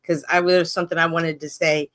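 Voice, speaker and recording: A woman's voice: deep voice, flat delivery, quick pace, fairly bright tone. A woman as a panelist in casual live-stream talk, emphatic.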